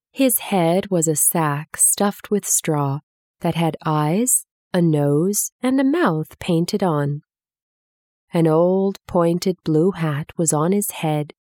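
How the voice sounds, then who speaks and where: A woman reading a children's story aloud in a clear, expressive way. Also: lowish voice, no echo, studio quality.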